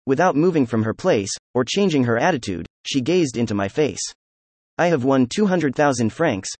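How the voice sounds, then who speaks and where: A man narrating a novel chapter as an audiobook, in a steady, even-paced read. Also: medium pitch, dry recording. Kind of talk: scripted narration.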